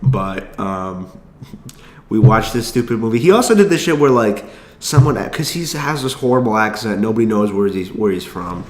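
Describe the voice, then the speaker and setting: A young man talks straight to his audience in a loose, rambling vlog story, full of swearing, restarts and quick asides. His voice sits fairly low. The room around him rings with echo. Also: expressive. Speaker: vlogger. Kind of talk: casual storytelling monologue.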